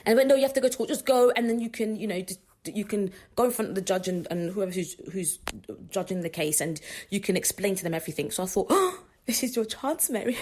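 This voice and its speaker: A woman, hosting a gospel radio show and telling a personal story in an animated way, acting out what others said and laughing often. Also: medium pitch, fast talker. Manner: animated, acts out quoted dialogue, laughs often.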